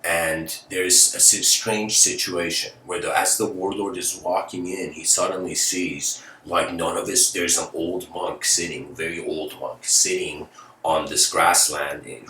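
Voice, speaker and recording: Heard through a distant mic in a roomy space with faint noise, a man lectures on philosophy in a low-pitched, bright, forceful voice. He rambles through a story, leaning on fillers such as "you know."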